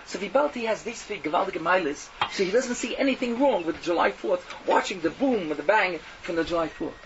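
A man giving a fiery sermon, mocking and animated, swinging from loud outbursts to hushed asides, on a dull lo-fi recording. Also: high-pitched, brisk. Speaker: preacher. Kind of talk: fiery Yiddish-laced sermon. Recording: dull lo-fi recording with faint noise.

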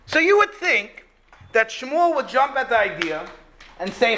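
A man with a very high, bright voice teaches a Torah class, explaining the verse with energy and acting out the speakers in it. He's animated, lively, and expressive yet unhurried, with slight background noise.

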